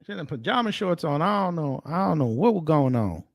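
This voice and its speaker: Black dude hosting a stream, reacting loud and bouncy, dry close sound. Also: male voice, on the high side, brisk, gravelly, dry recording. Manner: animated, repeats short phrases. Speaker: livestream host. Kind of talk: casual reaction commentary.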